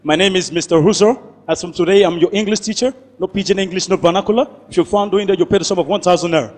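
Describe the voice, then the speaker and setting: A Nigerian man with a Nigerian accent putting on a stern male English teacher who speaks slowly and formally. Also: sits high, a little mellow, long reverb tail, pitched below the performer's own voice. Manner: slow, formal and strict.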